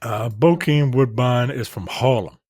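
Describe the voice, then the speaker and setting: A man's voice: medium pitch, a little slow, a little mellow, husky. A man co-hosting a casual film review chat, blunt and profane, rambling with lots of fillers. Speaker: podcast co-host.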